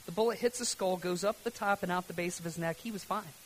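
A male pastor delivering a sermon with a bright, forceful tone. He moves between loud, emphatic preaching and quiet, near-whispered lines. A faint hiss sits under the recording. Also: high-pitched, quick pace, poor audio.

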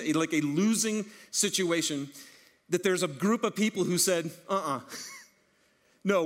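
Man, pastor, sermon, animated joking storyteller, high voice. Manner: animated, jokey storytelling with laughs.

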